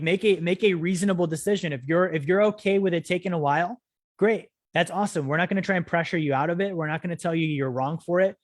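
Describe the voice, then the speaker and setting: Energetic young man teaching a finance class. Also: a little high, dry recording, clean studio sound. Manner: energetic, repetitive, rallying the audience with "right?" and "okay?". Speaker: financial education course host. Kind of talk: live-streamed teaching talk.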